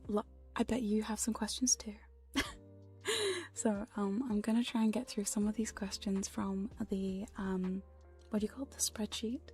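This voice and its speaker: A woman whispering softly through a whispered ASMR stream chat, her tone mellow and warm. She teases her listeners playfully and drops casual curses, close on a binaural mic with faint music behind. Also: mid-range voice, little pitch movement, moderate pace. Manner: playful, teasing, swears casually. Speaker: VTuber streamer. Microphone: binaural dummy-head microphone.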